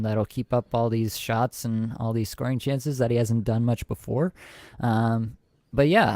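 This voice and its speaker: A man hosting a fantasy hockey podcast, talking through player stats in a steady, self-described monotone with frequent ums. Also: medium pitch, dry recording, studio quality. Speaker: podcast host. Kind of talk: casual podcast chat.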